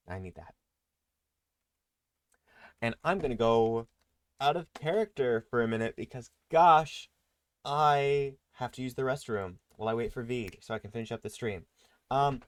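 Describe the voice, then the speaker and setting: A man's voice: mid-range voice, dry recording. A male streamer talks in a loose, rambling way to his viewers. His voice sits in a mid range and sounds close and dry, with no room around it. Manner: rambling, chatty. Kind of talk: casual stream chat.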